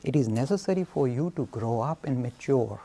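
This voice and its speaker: Animated gravelly male lecturer. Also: mid-range voice, brisk. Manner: animated, acts out voices, chuckles. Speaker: lecturer on Hinduism. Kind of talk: storytelling lecture.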